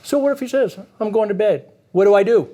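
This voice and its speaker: High-voiced middle-aged man, playful presenter. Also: fast, mellow. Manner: acts out family scenes, chuckles often. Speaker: parenting and reading presenter. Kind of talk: humorous workshop talk to parents.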